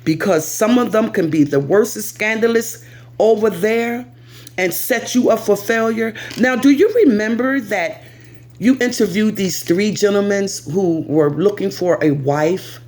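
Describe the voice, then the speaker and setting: An American woman vlogger giving lively, animated commentary straight to camera. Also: a little slow. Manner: animated, lively, pitch swings, talks straight to viewer.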